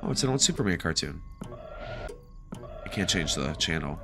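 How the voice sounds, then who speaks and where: A man giving jokey, animated let's play commentary, reacting aloud and talking back to game characters. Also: low voice, moderate pace, vocal fry, background noise. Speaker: gaming video creator.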